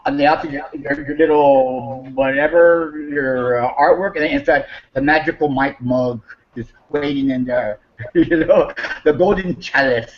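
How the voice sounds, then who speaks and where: A man's voice: on the high side, unhurried, muffled recording. A man chatting casually over a video call, joking around and laughing often. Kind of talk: casual chat.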